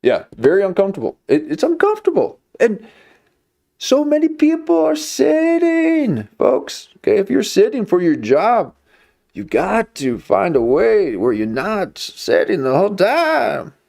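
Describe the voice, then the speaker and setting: A man doing a high-pitched voice of a preachy ranting man who lectures the folks. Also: huge pitch swings, a little slow, vocal fry, a little mellow, full character voice.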